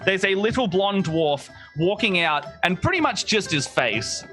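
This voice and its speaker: A man's voice: sits high, big pitch swings, a little slow, sharp tone, faint music behind. A man narrating a tabletop game as game master, in a rambling way with many fillers.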